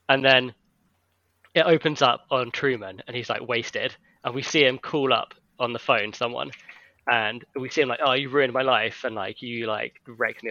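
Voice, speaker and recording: A man's voice: mid-range voice, gravelly, bright, forceful tone, no echo, highs cut off. A man in casual chat with friends, retelling a film plot in a rambling way with lots of "like". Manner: rambling storytelling, heavy use of "like".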